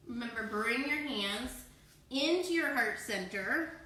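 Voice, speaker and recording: A woman's voice: a little high, lively intonation, slow pace, bright, forceful tone, a little hiss or hum. A woman teaching a children's yoga class, playfully encouraging and cueing poses and breaths, with animal sounds. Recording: echoey room.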